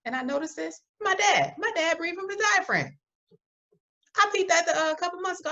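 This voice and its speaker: A woman co-hosting a podcast in casual chat, animated and jokey, laughing often. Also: on the low side, fairly quick, dull audio. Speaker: podcast co-host.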